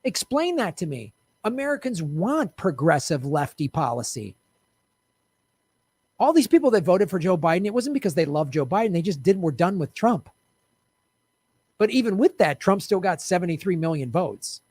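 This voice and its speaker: Man, political commentary host, heated rant, blunt, profane, high voice, dry close sound. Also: very animated, moderate pace, darkish tone, slightly rough, no room sound. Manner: fiery, blunt, profane, repetitive.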